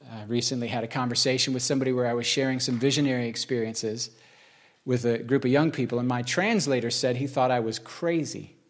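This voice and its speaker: A man teaching informally from the Bible to a small group, reading passages slowly and emphatically and then talking in earnest, conversational asides. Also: mid-range voice, steady tone. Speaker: preacher.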